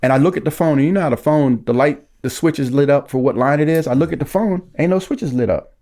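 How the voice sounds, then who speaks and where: A man sharing his recovery story in casual conversation, lively and acting out the voices of the people in it. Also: a little high, fast talker.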